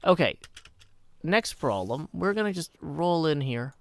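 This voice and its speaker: A man with a hoarse morning voice, rambling and chatty as he streams a game and answers chat mid-thought. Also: a little high, big pitch swings, unhurried. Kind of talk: live-streamed game commentary.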